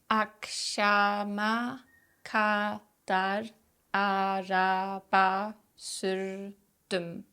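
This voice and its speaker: A woman with a medium-pitched voice, whose first language is Turkish, teaches an online pronunciation lesson. She says each drill word slowly and carefully, repeating it twice.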